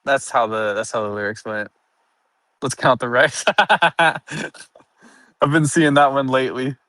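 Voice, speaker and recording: A man's voice: mid-range voice, steady tone, a little slow, bright, forceful tone, dry recording. A young man streaming live, rambling casually and laughing at his own jokes. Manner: rambling and self-amused, laughing often. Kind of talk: casual livestream chat.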